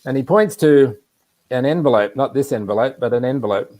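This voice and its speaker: A man's voice: mid-range voice, fairly quick, a little mellow. A man casually telling a personal anecdote on a live video chat, rambling with asides. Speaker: regular guest.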